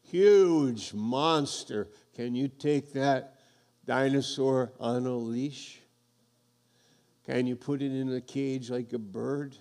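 A male preacher with a gravelly, creaky voice delivers a sermon at an unhurried, deliberate pace. He reads scripture aloud and presses his points home with rising emphasis. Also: level tone. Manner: preaches emphatically, swelling louder at high points. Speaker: pastor.

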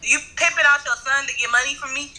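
A woman's voice: high-pitched, quick pace, reverberant, over a noisy crowd, rough recording. A woman on a video chat, skeptical and sassy, questioning the prank.

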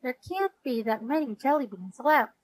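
A woman's voice: high-pitched, lively intonation, normal speed. Woman doing an eager hungry boy. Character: hungry, pushy young boy.

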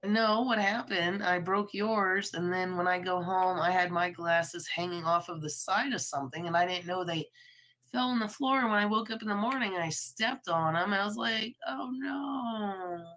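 Hoarse woman chatting on a live stream. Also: fairly low pitch, moderate pace, a bit bright, low-quality recording. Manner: rambling, laughs a lot, swears casually. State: hoarse from illness. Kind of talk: casual live stream chat.

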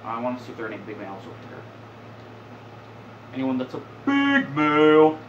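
A man's voice: mid-range voice, wildly swooping pitch, a little fast, echoey room, highs cut off, background noise. A young man hosting, giving casual, crude and rambling commentary with a joking manner. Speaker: host.

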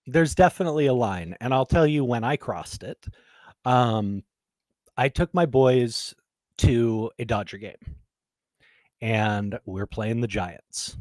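Man, podcast co-host, mid pitch, emphatic storyteller, dry close sound. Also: takes it slowly, a little mellow, no echo. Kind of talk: casual chat.

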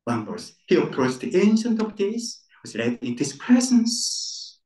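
A man's voice: high-pitched, very animated, unhurried, a little mellow. A man preaching a sermon as pastor, emphatic, repeating key words with rising stress. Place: church centre. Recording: echoey room, voice from far off.

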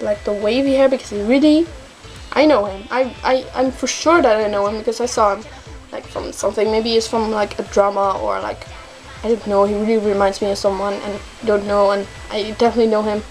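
A young woman reacting to a music video, gushing and gasping, with excited exclamations again and again. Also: mid-range voice, brisk. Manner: gushing, gasping, repeats oh my god. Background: music playing.

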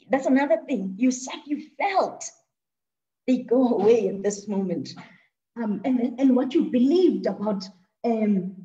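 A woman's voice: high-pitched, dark tone, lo-fi sound. A woman leading an interactive online talk, asking the audience questions and often repeating words as she thinks aloud. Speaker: speaker leading an online discussion.

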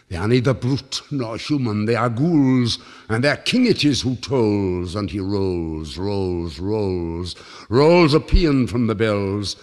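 A man giving a dramatic poetry recitation, theatrical, swinging between loud cries and hushed low passages. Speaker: reader of poetry. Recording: old record with long reverb.

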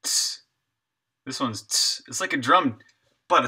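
A man talks through his work on a live stream in an easy, rambling way, answering viewers and laughing lightly as he goes. His voice sits at an ordinary pitch for a man. Its tone is strikingly bright and keen. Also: expressive, unhurried, long pauses, breathy edge. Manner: thinks aloud, answers chat, chuckles often. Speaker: indie game developer streaming. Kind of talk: casual live-stream chat while working.

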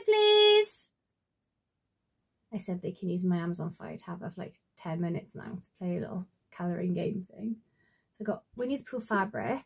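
A woman's voice: medium pitch, a little mellow. A woman, chatting at home in a rambling, casual show-and-tell about her sewing, full of fillers and asides. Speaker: crafter showing her sewing projects.

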